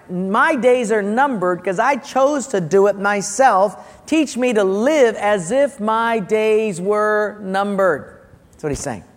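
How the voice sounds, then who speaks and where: High-voiced pastor preaching in a hall. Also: male voice. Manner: animated storytelling, acts out characters with loud outbursts. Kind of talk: sermon.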